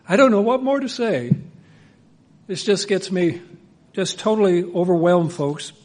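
A man preaching a sermon in an earnest manner, swinging between hushed, soft passages and emphatic, raised lines. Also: high voice.

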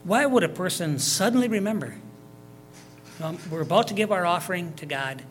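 A man's voice: high voice, lively intonation, a little fast, a little hiss or hum. Man preaching a scripture sermon. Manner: reads scripture aloud then explains it plainly, with fillers and repeats. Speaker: pastor.

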